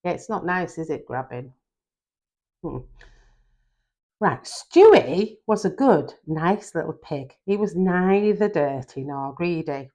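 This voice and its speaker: Unhurried Yorkshire nana reading a story. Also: female voice, low voice, animated, mellow. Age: older. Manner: chatty, adds homely asides to the story. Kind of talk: reading a children's story aloud.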